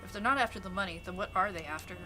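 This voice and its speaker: A woman's voice: mid-range voice, rapid-fire, over music, close to an everyday voice. A woman voicing a wary, flustered young man in a game, talking apologetically.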